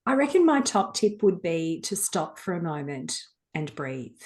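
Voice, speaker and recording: A woman's voice: on the low side, sing-song, measured pace, darkish tone. A woman, a guest author talking frankly and reflectively in an interview. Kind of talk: casual interview talk.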